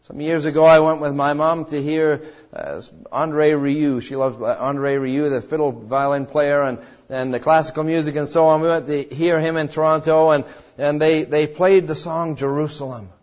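A high-pitched man preaches with strong feeling. He rises to loud cries, then drops to hushed, low lines. The recording sounds dull and lo-fi. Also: fairly even intonation, moderate pace. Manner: emotional, swings between loud cries and hushed low tones; acts out quoted voices in the story. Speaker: pastor. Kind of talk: sermon.

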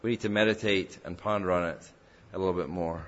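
Bright-voiced preacher with a rising cadence. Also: male voice, deep voice, steady tone, fairly quick, muffled recording. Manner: rising and falling preaching cadence, rhetorical questions; quotes scripture in old-fashioned wording. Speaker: pastor. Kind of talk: sermon.

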